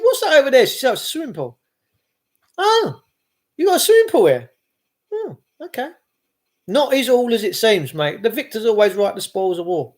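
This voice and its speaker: Middle-aged man, high voice, rambling vlog monologue, impassioned, lots of restarts. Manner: impassioned, repetitive, with frequent restarts.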